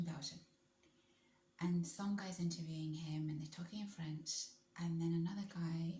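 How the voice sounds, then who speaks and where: Woman vlogger, lower-pitched and enthusiastic, loose casual chat, echoey room. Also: a little mellow, a little hiss or hum. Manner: chatty, enthusiastic, rambling with restarts.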